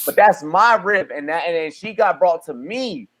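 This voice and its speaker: A man's voice: high voice, animated, moderate pace, a bit bright. A man hosting a casual podcast, talking in a heated, emphatic way with heavy swearing. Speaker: podcast host. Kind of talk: casual profane podcast chat.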